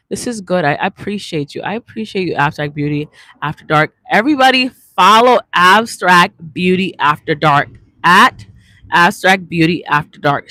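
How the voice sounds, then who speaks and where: A woman with a bright, forceful, medium-pitched voice hosts a livestream as an artist, recorded dry. She chats casually and rambles in slangy language while reading out viewer comments.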